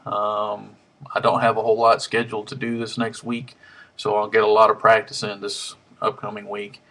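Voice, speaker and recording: A man's voice: fairly low pitch, completely flat delivery, normal speed, a bit bright. A man, rambling through a casual webcam vlog at home with lots of ums and restarts, a little out of breath. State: slightly out of breath. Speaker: harmonica hobbyist vlogger. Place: home room. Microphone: webcam mic.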